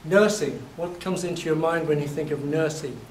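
A man from England giving a university lecture, telling lively stories and acting out his examples, his voice a little hoarse. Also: a little high, normal speed. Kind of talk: classroom lecture. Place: lecture hall. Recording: echoey hall, distant mic, faint noise.

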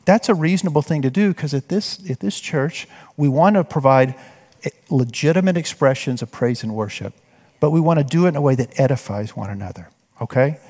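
Man, pastor's sermon, fairly high voice, long church reverb. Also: expressive, a little fast, a little mellow. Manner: conversational, asks the congregation questions. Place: church sanctuary.

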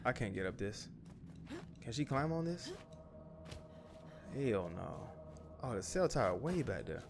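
A young man talks his way through a survival game, swearing freely and muttering at the screen. His pitch sits in the middle of the male range. Game noise runs clearly behind him. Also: sing-song, a little slow. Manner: loose, profane, talks to himself and the game. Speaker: gaming YouTuber. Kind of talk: casual gameplay commentary.

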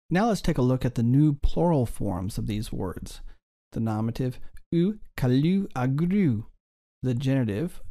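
A man teaching a recorded Greek grammar lesson, patiently explaining and slowing down to sound out each form. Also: medium pitch, mellow.

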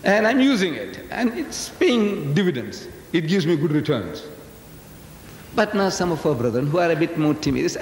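Older male lecturer, teasing folksy delivery, lively pitch, live echoey hall recording. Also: normal speed, a little hiss or hum. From South Africa, of Indian descent. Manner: folksy, teasing, talks directly to the audience with rhetorical questions. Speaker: Islamic lecturer. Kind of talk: public lecture to a live audience. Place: large lecture hall with audience.

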